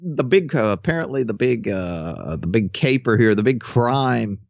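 A sarcastic man riffing casually as a podcast co-host, with a lively, bouncing pitch and frequent restarts. His voice sits mid-range and sounds dry and close. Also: gravelly, no echo, highs cut off. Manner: sarcastic, animated, halting restarts. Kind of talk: casual opinion chat.

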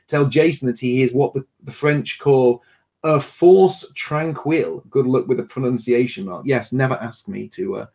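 Chatty man hosting a panel. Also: medium pitch. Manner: chatty, self-deprecating, quick asides. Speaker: podcast host reading viewer donations. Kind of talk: casual panel chat.

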